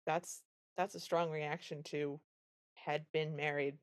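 Low-pitched and slow, this woman co-hosts a podcast where she casually recaps a movie. Her retelling is animated, and she performs the quoted lines of the characters along the way.

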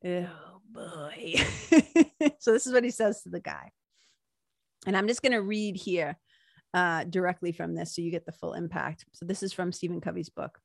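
This woman's voice sits low with vocal fry, steady and moderately paced, in studio-quality sound with no room noise. Chatty and casual, she retells a book passage, reading out quotes and sprinkling in "like" and "right?"

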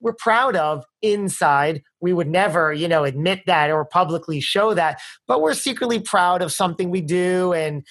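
A podcast host speaks in a reflective, thoughtful way. They ask questions at a medium pitch, and the sound is dry and close to the mic. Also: normal speed, few pauses, fairly bright tone, no echo. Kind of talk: conversational interview.

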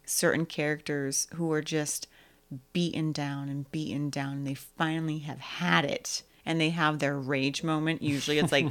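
A young adult woman co-hosting a casual movie podcast, animated, breaking into high squeaky voices to act out scenes. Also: normal speed. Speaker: podcast co-host.

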